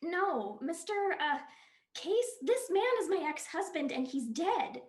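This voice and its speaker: Panicked divorcee, high and swooping, a woman reading her aloud, roomy echo. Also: expressive, slow pace, full character voice. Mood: frantic.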